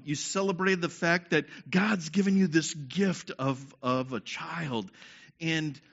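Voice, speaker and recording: Through dull lo-fi audio, a male pastor preaches while steering the congregation through a group exercise, repeatedly checking with "okay?" His voice sits high with a fairly bright tone.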